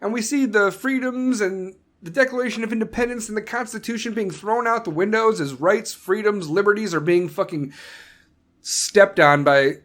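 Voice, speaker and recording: A man's voice: high-pitched, moderate pace, fairly bright tone. A man who is an American combat veteran, hosting a solo podcast and ranting with heavy profanity. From United States. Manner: mocking voices when quoting others. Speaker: podcast host.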